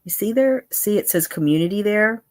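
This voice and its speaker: A woman hosting her own channel in a relaxed live-stream chat. She talks in a meandering way, trailing off and circling back to finish her thoughts. Her voice sits at an ordinary middle pitch. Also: moderate pace. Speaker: channel host.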